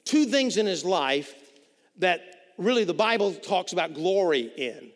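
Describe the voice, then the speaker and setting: Pastor preaching in a reverberant hall. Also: male voice, sits high, animated, a little slow. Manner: preaching with sudden swings between loud and hushed. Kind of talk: sermon.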